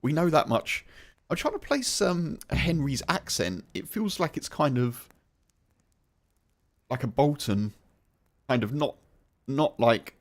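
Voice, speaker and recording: Gravelly, lively man in his forties. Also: medium pitch, slow pace, long pauses. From England. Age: 40s. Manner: musing, chatty, with hesitant restarts. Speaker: gaming YouTuber. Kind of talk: game playthrough commentary.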